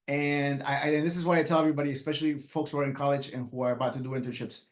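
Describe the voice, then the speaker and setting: A man in his fifties whose first language is Spanish, giving a motivational speech about his life, halting with many restarts and fillers. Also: mid-range voice, level tone. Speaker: motivational speaker. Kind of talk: personal storytelling speech.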